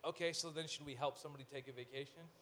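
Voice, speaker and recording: Animated joking male preacher. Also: a little high, racing, a little hiss or hum. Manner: animated, joking asides, swings from loud to hushed. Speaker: pastor. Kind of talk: sermon.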